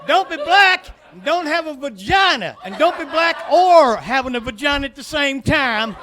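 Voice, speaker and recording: A comedian putting on the voice of a loud, swaggering Southern man boasting about his state, with a put-on Southern accent. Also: animated, normal speed, exaggerated voice. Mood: mocking welcome. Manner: loud, swaggering, shouted sales pitch. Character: brash bigoted Southern male state booster.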